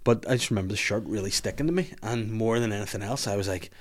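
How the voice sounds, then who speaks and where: A man's voice: lowish voice, fast. A man hosting a podcast, telling a wild story in casual chat, swearing often and laughing as he goes. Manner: swears a lot, laughs while telling stories. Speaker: podcast host.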